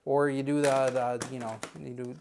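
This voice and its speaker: A man's voice: medium pitch, little pitch movement, normal speed, vocal fry, background noise. A man hosting a comedic unboxing video, goofy and joking, full of wordplay and mock drama.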